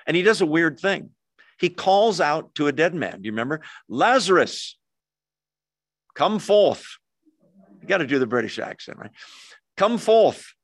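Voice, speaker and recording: Expressive male pastor preaching a sermon. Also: fairly high pitch, fast, no room sound. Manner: expressive, swings between emphatic and hushed.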